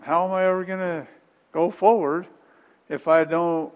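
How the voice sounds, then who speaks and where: A man's voice: on the high side, steady tone, a little slow, big-room sound, lo-fi sound. A middle-aged man preaching a sermon in a folksy, conversational way, repeating phrases and chuckling between points.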